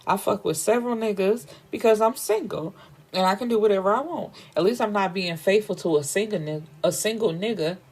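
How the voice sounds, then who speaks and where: A woman voicing a brash young woman who answers with sharp, slangy, mocking comebacks. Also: medium pitch, fairly quick, slightly rough, pitched above the performer's own voice. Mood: defiant.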